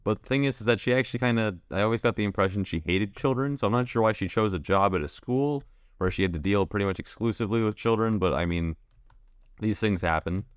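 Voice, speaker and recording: A young man hosting a gaming video, telling a school story in a sarcastic, deadpan way with lots of restarts. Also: fairly low pitch, fast talker, clear, resonant tone, dry recording. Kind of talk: casual storytelling over gameplay.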